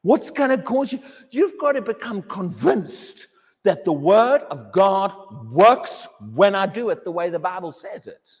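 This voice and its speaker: A man's voice: expressive, measured pace, husky. A man preaching a sermon in a church, emphatic and given to repeating his words. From England. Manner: emphatic, repeats words, mocks a wailing believer in a high voice. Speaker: pastor. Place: church hall. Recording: long hall reverb.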